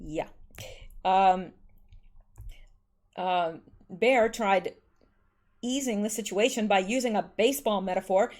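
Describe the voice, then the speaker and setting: A woman's voice: medium pitch, unhurried, long pauses, darkish tone. A woman hosting a political commentary show, reading news articles aloud and adding sarcastic, scornful asides with many fillers. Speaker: political commentary channel host.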